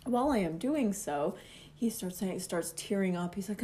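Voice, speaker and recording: A young woman recounts a dramatic personal story in casual conversation. She talks animatedly at a middle pitch and laughs often along the way. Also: animated, normal speed, warm tone. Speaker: guest telling a personal story.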